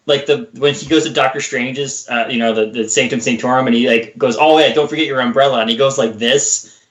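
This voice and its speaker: A man co-hosting a casual podcast chat, talking fast and acting out movie lines in a high, excited voice. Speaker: podcast co-host. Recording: roomy echo.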